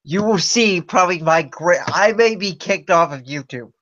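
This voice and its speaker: Man, fairly high voice, podcast host, emphatic, muffled lo-fi mic. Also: lively intonation, normal speed, fairly bright tone. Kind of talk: casual sports chat.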